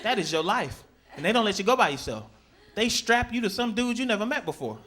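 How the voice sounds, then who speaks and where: A man performing a stand-up comedy set on a club stage, telling animated stories and jumping into shrieking high voices for his characters. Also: brisk. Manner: animated storytelling, sudden high-pitched shrieks in acted quotes. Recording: live club recording with crowd laughter.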